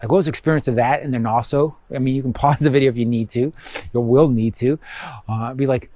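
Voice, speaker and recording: A man's voice: medium pitch, fast, warm tone, no echo. A man guiding students through a spiritual course review in a loose, rambling way, full of fillers and acted-out inner thoughts. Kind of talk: casual recorded course talk.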